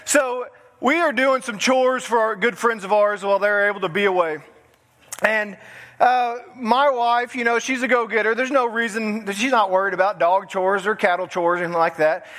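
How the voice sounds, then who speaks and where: In a church sanctuary, a pastor preaches a folksy sermon built around storytelling, chuckling his way through the tale. His high-pitched voice is a bit bright, with fairly even intonation and normal speed, and the sound carries like a big room.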